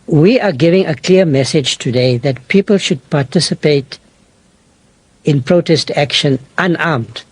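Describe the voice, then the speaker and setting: A man from South Africa, an official, giving a slow, measured statement with some fillers. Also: on the high side, breathy edge, no room sound.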